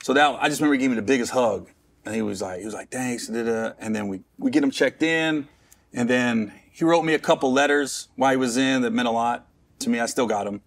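A middle-aged comedian from Cincinnati, Ohio, appears as a guest and tells a personal story candidly. His voice is mid-range and quick-paced, and he rambles, restarting often and tossing in self-mocking asides.

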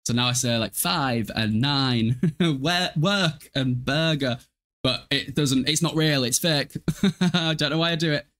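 Streaming a game, this man from Hull in East Yorkshire, England, talks casually with his viewers, laughing a lot and swearing without restraint. He speaks a little slowly, in a medium-pitched, slightly bright voice.

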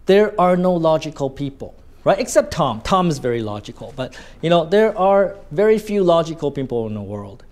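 Animated coach with a Vietnamese accent. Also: male voice, fairly high pitch, normal speed, hardly any pauses. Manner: animated, stretches key words, frequent "right?" tags. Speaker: communication coach. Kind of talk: spoken lesson on voice tonality.

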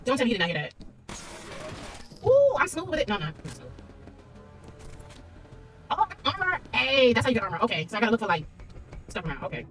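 A woman's voice: fairly high pitch, sing-song, quick pace, long pauses, fairly bright tone, soft background music. A woman giving casual, chatty commentary while streaming a horror shooter, talking back to the game and her friends.

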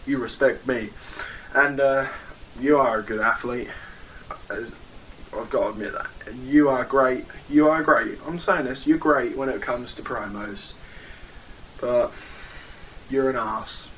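A young man with an English accent taunts a rival in a swaggering, foul-mouthed wrestling promo. The recording is dull and lo-fi, with faint background noise, like an old home video. His voice sits at an ordinary middle pitch. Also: a little slow, pauses often. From England. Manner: boastful, taunting, profane. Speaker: backyard wrestler cutting a promo. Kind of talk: trash-talking wrestling promo.

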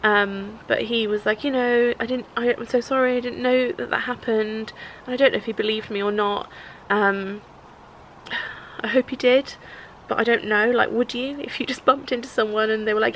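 A woman in her thirties recounting a painful encounter in a vlog, halting and close to tears, with many fillers and restarts. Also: a little high, steady tone, fairly bright tone, a little hiss or hum, poor audio. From England. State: tearful. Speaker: vlogger. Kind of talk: tearful confessional vlog.

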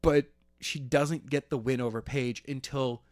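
A man co-hosting a casual wrestling podcast, animated and jokey, often slipping into silly voices for quotes. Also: medium pitch, measured pace, no room sound, studio quality. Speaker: podcast co-host. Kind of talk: casual chat.

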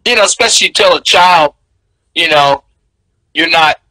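Guy in his 60s telling stories, high bright voice, dry close sound, animated. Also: moderate pace, dry recording, rough recording. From American South. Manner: animated, candid, laughs between memories. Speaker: interview guest. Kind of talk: storytelling in casual interview.

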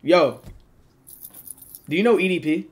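A man's voice: a little high, expressive, a little slow. A man streaming on a video chat app, chatting in a joking, slangy, profane way. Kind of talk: casual chat.

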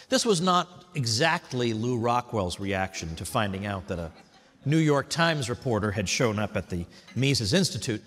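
A man giving a prepared tribute speech at an event, telling stories in a wry, animated way. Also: medium pitch, unhurried, slightly rough, in a large hall. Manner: wry, animated storytelling with mock voices. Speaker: speaker at an institute event. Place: hotel event hall.

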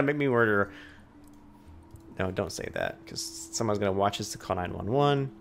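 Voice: low voice, expressive, normal speed, creaky, long pauses, a bit bright, a little hiss or hum. A let's play host doing gaming commentary, ranting at the game and talking to it as if it were a person.

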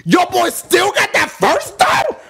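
Brief: excitable male let's-play commentator, loud and profane, swooping all over. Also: very high voice, takes it slowly, gravelly. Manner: loud, profane trash talk, frequent yelling and laughter. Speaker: gaming commentator. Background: game music.

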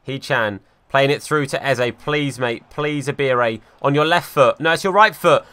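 A young man giving live commentary over his football video game, swinging from calm play-by-play to exasperated outbursts. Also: medium pitch, measured pace, clear, resonant tone. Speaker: gaming YouTuber.

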